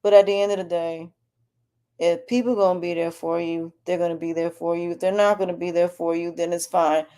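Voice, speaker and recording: Woman podcaster, sore throat, low warm voice, candid rambling delivery. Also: flat delivery, fairly quick, clean tone. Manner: candid, rambling, with frequent restarts. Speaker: podcast host. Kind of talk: personal health update monologue.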